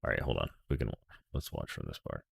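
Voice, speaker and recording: Very deep gravelly man, casual commentary. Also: expressive, fast talker. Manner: offhand, talks while scrolling and reacting to footage. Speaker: livestream news commentator.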